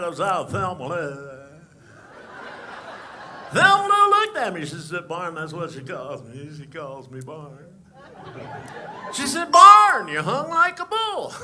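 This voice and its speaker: Man doing Barney Fife, squeaky blustering deputy. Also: pushed and bright, slight background noise, heavily acted. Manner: high nervous bluster, squeaky boasts. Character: jittery boastful small-town deputy, man, self-important.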